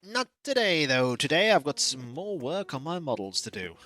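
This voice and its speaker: A streamer giving relaxed, chatty commentary while playing a cozy game. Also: mid-range voice, normal speed, no echo. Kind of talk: casual gaming commentary. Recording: faint game music behind.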